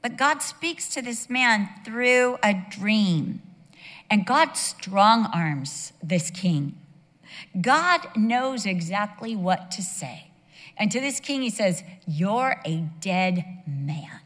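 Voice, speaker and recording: A woman's voice: on the high side, animated, takes it slowly, fairly bright tone, long reverb tail. A woman preaching a sermon, emphatic and mixing in humorous personal asides.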